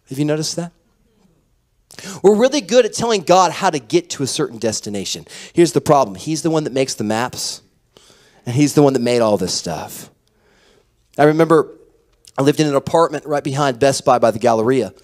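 Male pastor, sermon delivery, slightly high and very lively pitch, storytelling that dips quiet and builds loud. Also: normal speed. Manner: animated storytelling, dropping to a hush then rising loud. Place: church hall.

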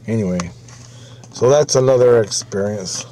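A man's voice: lowish voice, measured pace, mellow. A man casually telling a rambling story about a friend, repeating himself and swearing freely. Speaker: vlogger.

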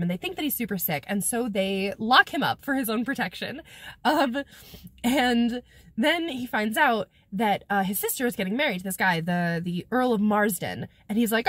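A woman with a high voice that swoops up and down, recapping an old novel for her camera in a loose, rambling way. Her humor is sarcastic, and she giggles and swears casually. The sound is close and dry, with no room around it. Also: fairly bright tone, dry recording. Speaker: book vlogger. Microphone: camera mic, talking to a camera viewfinder.

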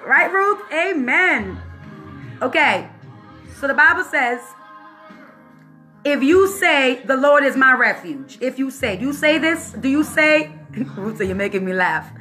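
A woman minister giving an informal, animated prophetic word to camera, laughing often and using casual slang. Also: high voice, slow pace, long pauses, soft background music.

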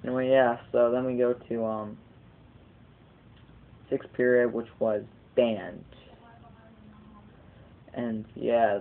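Teen guy vlogging, rambly and off-topic, kinda gravelly, sounds like a cheap webcam mic. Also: mid-range voice, steady tone, slow pace, long pauses, narrow, tinny audio. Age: teens. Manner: rambling, digressive, casually profane. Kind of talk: casual video blog.

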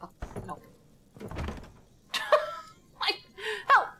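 Speaking very slowly, this young woman sounds pushed and bright, with a little hiss or hum on the recording. She narrates her live horror-game stream to herself, jittery and giggly, swearing as she goes.

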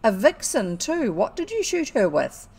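A gruff white-whiskered old gentleman in a storybook, full of anger and bluster, played by a woman reading aloud. He talks loudly and harshly. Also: medium pitch, very animated, moderate pace. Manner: loud, blustering.

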